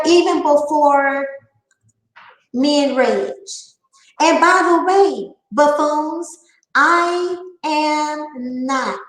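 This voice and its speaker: High-pitched Southern woman ranting defiantly. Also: fairly bright tone, roomy sound, poor audio. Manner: fast, high-pitched twangy talk, defiant and emphatic. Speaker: channel host. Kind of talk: casual vlog rant.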